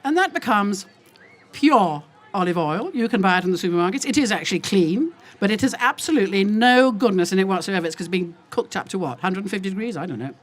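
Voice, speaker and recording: An older woman giving an emphatic, indignant and rambling talk to a festival audience as an olive oil seller, addressing them as ladies and gentlemen. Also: fast. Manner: lively, with wide jumps in pitch. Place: outdoor food festival.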